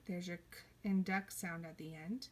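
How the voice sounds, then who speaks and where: A woman teaching a kindergarten reading lesson, playful, slipping into high excited cries and soft whispers. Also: unhurried.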